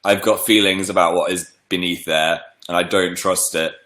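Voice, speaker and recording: A young man rambles playfully through a casual livestream, reading out viewer messages. His voice is low-pitched yet bright and forceful, and he sounds a little under the weather from a cold. The room around him is echoey. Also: fairly even intonation, moderate pace. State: slight cold with a cough.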